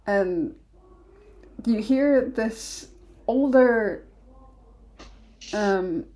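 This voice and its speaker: Slow, mellow woman game master. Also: fairly low pitch, fairly even intonation. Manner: casual, hesitant, many fillers. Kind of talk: narrating a tabletop game.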